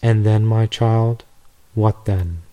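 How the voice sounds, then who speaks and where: Fatherly old priest in a storybook, mellow and tender, read by a man. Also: on the low side, steady tone, slow pace. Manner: tender, questioning. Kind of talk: storybook reading.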